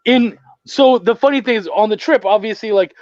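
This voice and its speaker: Loud, gregarious high-voiced man. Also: normal speed, no room sound, lo-fi sound. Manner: loud, gregarious, profane, animated storyteller. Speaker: podcast host. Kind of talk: casual chat, storytelling.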